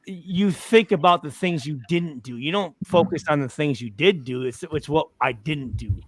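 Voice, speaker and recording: A man with a fairly high voice speaks bluntly, stumbling over restarts. He is recorded dry and close, with no room sound. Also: normal speed, slightly rough, no echo. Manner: blunt, profane, stammering restarts. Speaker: host, former football player. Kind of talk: casual chat.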